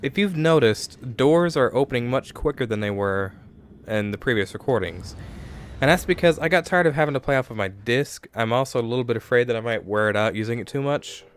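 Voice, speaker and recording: A man's voice: medium pitch, lively intonation, a little fast, slight background noise. A young man giving casual let's play commentary into a desk microphone, rambling and correcting himself as he thinks aloud.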